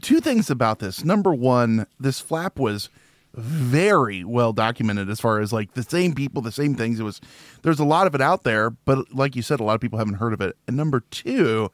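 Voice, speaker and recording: A man from near Chicago chats loosely on a podcast, joking and wandering off on tangents, laughing often. His voice sits at an ordinary middle pitch. The recording is close and dry, with no room sound. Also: lively intonation, moderate pace, dry recording. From Illinois, near Chicago. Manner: jokey, rambling, laughs often. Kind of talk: casual podcast chat.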